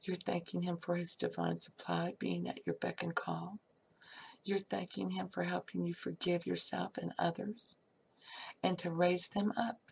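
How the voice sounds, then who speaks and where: A woman's voice: on the low side, level tone, a little slow, creaky, a little mellow, a little hiss or hum. A woman giving a casual, upbeat talk on prayer and feeling, often laughing and dropping into whispers. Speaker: spiritual speaker.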